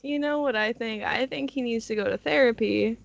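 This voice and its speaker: A woman's voice: on the high side, normal speed, creaky, no room sound. A woman in casual chat with friends, making dry, blunt remarks. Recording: dull lo-fi sound.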